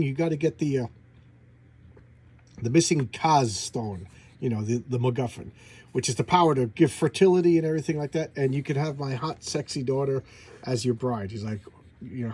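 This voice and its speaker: A man's voice: mid-range voice, mellow, slightly rough. A man casually recapping old horror comic stories, rambling and loosely acting out the lines he quotes. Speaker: comic book reviewer.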